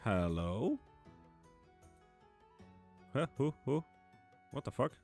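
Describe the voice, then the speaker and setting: Blunt low-voiced man streaming live. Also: expressive, moderate pace, darkish tone, faint music behind. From Sweden. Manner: chatty, blunt, swears casually, answers viewers by name. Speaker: tarot reader streaming live. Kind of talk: casual live-stream chat reading comments. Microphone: streaming mic.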